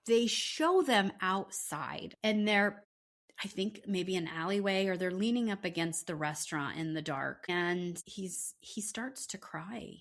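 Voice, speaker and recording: Listen for a woman with a lowish voice who co-hosts a casual podcast. She tells a story with energy and slips into little performances of other people's lines. Her delivery is chatty and unpolished. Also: unhurried. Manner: animated storyteller, acting out quotes. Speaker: podcast co-host. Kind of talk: casual recap chat.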